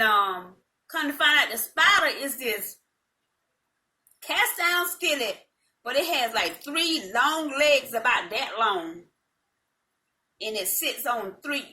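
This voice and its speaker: A woman's voice: on the high side, sharp tone. A middle-aged woman with a Southern US accent, chatting casually as a vlog host, rambling and folksy with frequent ums and laughs. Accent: Southern US (North Florida, Georgia-like). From Madison, Florida, US South. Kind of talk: casual chat to camera.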